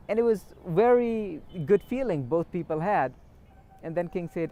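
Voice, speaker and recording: A man, a spiritual teacher, telling a parable in a gentle, unhurried way. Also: fairly high pitch, big pitch swings, slight background noise. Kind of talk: storytelling talk.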